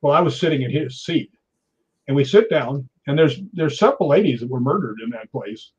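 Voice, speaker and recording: Brief: man, 60s, stuntman guest, husky raised voice, animated storyteller, dull lo-fi recording. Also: medium pitch, fairly quick. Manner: lively, laughs often, acts out others' lines. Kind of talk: anecdotal storytelling.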